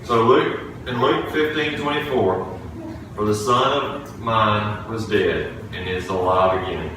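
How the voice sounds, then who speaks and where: In an echoey church sanctuary, a man preaches a sermon, sharing a personal story with sincerity and restarting phrases along the way. His voice is fairly low and slow, picked up far from the mic against a noisy background.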